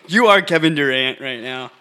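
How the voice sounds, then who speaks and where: A man with a bright, sharp voice co-hosting a casual podcast. He jokes in a laid-back way and often trips over his words. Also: mid-range voice, clean tone. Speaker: podcast co-host.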